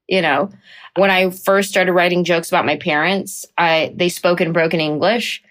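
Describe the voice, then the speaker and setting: A woman comedian talking in an interview, animated and slipping into playful put-on voices. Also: medium pitch, unhurried. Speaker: comedian guest. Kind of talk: conversational interview.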